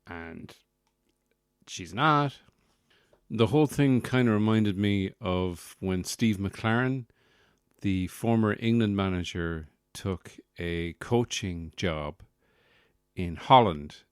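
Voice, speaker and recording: A man's voice: lowish voice, slow, smooth, dry recording, clean studio sound. A man hosting a comedic solo podcast, rambling and sardonic with lots of fillers. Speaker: podcast host.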